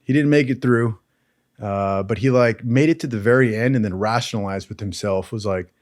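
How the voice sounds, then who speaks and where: A laid-back man tells raunchy anecdotes from his military training in a relaxed, profane, chatty way. The recording is dry and close, with no room sound. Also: on the low side, normal speed, dry recording. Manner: profane, laid-back, keeps saying "dude". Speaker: storyteller recalling military training. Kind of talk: casual crude anecdote telling.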